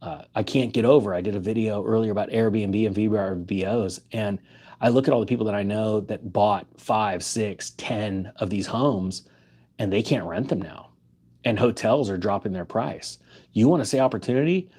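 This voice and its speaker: A man's voice: lowish voice, normal speed, dark tone, slightly rough. A man giving opinionated finance commentary, reading news items aloud and challenging them with emphatic rhetorical questions.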